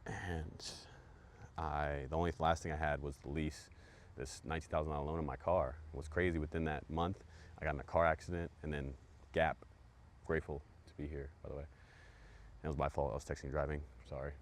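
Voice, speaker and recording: A man's voice: very deep voice, level tone, a little fast, slight background noise. A man hosting a podcast, telling a profane, hyped story full of repetitions. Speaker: podcast host. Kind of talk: storytelling monologue.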